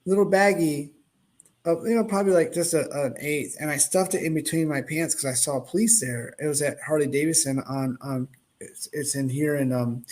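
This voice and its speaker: A middle-aged man spins a long casual story, his voice sitting a little higher than most men's. He talks in an animated way and slips into the voices of the people he describes. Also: moderate pace. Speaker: host, product owner.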